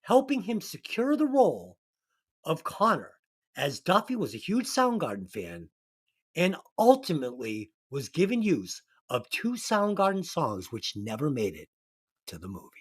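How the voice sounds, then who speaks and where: Jokey podcast host reading trivia. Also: male voice, a little high, huge pitch swings, moderate pace, breathy edge. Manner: loose, jokey, stumbles through his own reading. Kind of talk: casual movie-review podcast chat.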